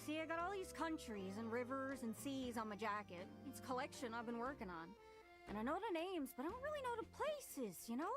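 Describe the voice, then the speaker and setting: A woman's voice: sits high, very animated, fairly quick, music in the background. A woman with a Newfoundland accent voicing a chatty, eager young woman traveler in a game, rambling and apologetic. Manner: rambling, apologetic, folksy dialect. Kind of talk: game voice acting.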